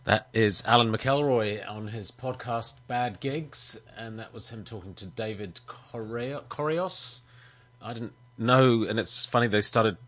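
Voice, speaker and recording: A man hosting a radio show, chatting casually and haltingly with many ums. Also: fairly low pitch, a bit bright. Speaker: radio host.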